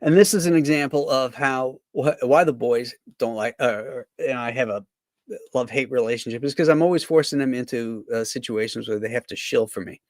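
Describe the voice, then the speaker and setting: A man's voice: medium pitch, a little fast, no echo, studio quality. Rambling, anecdotal male cartoonist. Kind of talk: casual livestream chat.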